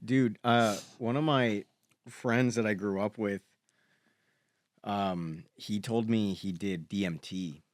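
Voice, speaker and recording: Male comedian guest, deep-ish voice; easygoing and halting, dry close-miked sound. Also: dry recording. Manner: relaxed and a bit halting, with many "like"s. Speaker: podcast co-host, stand-up comedian. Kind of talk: casual chat.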